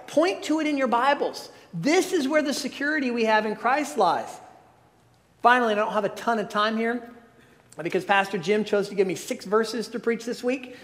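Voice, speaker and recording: A man preaching a sermon as a visiting pastor, earnest and emphatic, with occasional wry asides to the congregation. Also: high voice. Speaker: guest preacher. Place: church sanctuary. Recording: long hall reverb.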